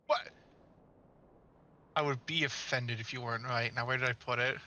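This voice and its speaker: A man's voice: mid-range voice, steady tone, normal speed, sharp tone, poor audio. A man in casual chat on a game stream, joking around with friends in profane banter over a voice call.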